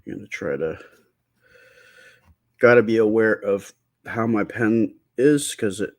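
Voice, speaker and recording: A man hosting a live stream, chatting casually and answering viewer comments with a slightly stuffy nose and a halting, rambling way of talking. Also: lowish voice. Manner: rambling, halting, many fillers and restarts.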